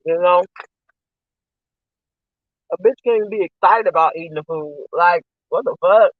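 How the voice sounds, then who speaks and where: High-pitched man, profane rambling streamer, dry close sound, muffled lo-fi. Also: normal speed, dry recording. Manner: profane, ranting and venting. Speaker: live-stream host. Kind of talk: casual rambling live-stream chat while eating.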